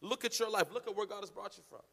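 A man preaching a sermon to a congregation, swinging from low conversational talk to loud sing-song shouting. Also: steady tone, rapid-fire, vocal fry, in a large hall. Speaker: pastor. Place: church hall with congregation.

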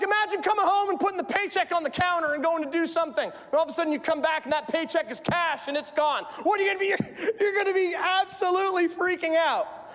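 A man preaching a sermon in a church, telling a story with lively, often shouted delivery. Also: extremely high pitch. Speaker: pastor. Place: church sanctuary. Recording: echoey church hall.

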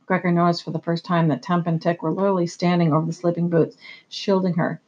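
An audiobook narrator reading a story aloud in a steady, measured way. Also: mid-range voice, dull audio.

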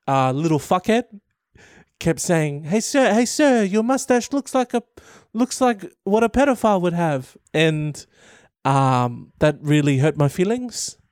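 A man voicing a frustrated middle-aged schoolteacher with a put-on New Zealand accent, rambling and halting as he defends himself. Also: on the high side, a little mellow, no room sound, studio quality. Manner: rambling, halting, self-satisfied. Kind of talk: comic impression in a commentary video.

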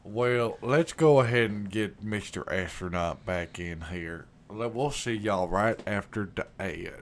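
Man, comic co-host, laid-back and playful, lower voice. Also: measured pace. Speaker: comedy co-host. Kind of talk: improvised comedy banter.

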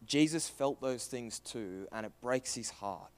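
Young aussie guy preaching, earnest, goes loud then hushed and soft, asks lots of questions. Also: medium pitch, animated, unhurried. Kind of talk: sermon.

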